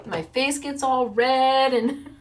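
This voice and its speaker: A woman hosting a crafting show, talking to her viewers in a casual, heartfelt way. Her voice sits a little high, and she speaks earnestly, like someone quick to tear up.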